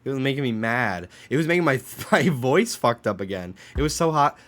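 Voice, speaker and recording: A man's voice: mid-range voice, animated, brisk, hardly any pauses, fairly bright tone. A man casually commenting while streaming a game and reading its text aloud, a bit stuffed up, chatty and swearing now and then. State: stuffed up nose.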